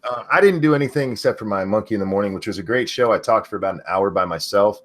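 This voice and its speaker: A man's voice: lowish voice, fast talker, fairly bright tone. A man hosting a casual livestream chat, loose and wry, with a voice worn from hours of talking. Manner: loose and wry, reads viewer messages aloud. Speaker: show host.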